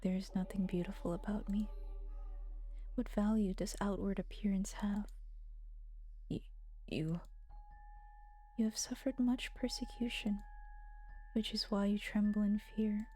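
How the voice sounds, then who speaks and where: A woman voicing a calm, gentle young woman in a visual novel, speaking softly and earnestly in a whispered role-play. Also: mid-range voice, measured pace, pauses often, soft background music, lightly acted. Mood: tender. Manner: soft, earnest, often whispered.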